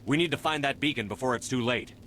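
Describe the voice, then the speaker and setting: A man's voice: mid-range voice, fast, a bit bright, slight background noise, natural voice. An actor playing a commanding male military officer in a video game, asking terse, firm questions. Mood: stern. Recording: game audio with music behind.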